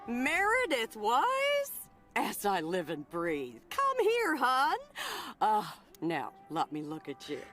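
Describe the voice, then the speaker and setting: A woman's voice: medium pitch, huge pitch swings, takes it slowly, fairly bright tone, soft background music, voice pushed up, exaggerated voice. A woman voicing a chatty, doting middle-aged woman who runs a diner, in a put-on American Southern accent, calling everyone hon. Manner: folksy, doting, calls people hon.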